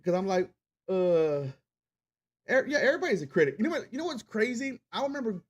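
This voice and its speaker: A man's voice: high voice, sing-song, fairly quick, highs cut off. A man hosting a podcast, ranting casually and with plenty of swearing about sports fans and reading the live chat. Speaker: podcast host.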